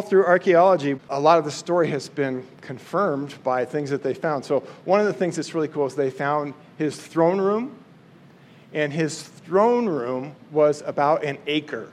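Man, fairly high voice, conversational, animated Bible storytelling. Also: unhurried, slight background noise. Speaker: Bible teacher.

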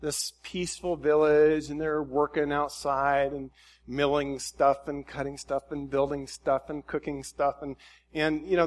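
Folksy man preaching a casual sermon. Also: fairly high pitch. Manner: relaxed, folksy, with frequent fillers and restarts. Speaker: pastor. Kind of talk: conversational sermon.

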